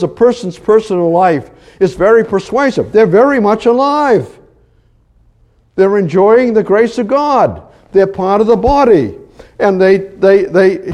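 A man preaching a Bible sermon, shifting between loud urging and hushed asides, with frequent restarts and repeated words, reading scripture aloud. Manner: animated, swings between loud exhortation and hushed low asides; reads King James scripture aloud.

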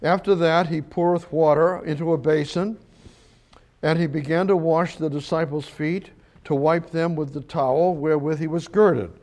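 A man teaching a verse-by-verse Bible sermon, slow and emphatic, repeating words as he explains. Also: on the high side, steady tone, a little mellow. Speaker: preacher.

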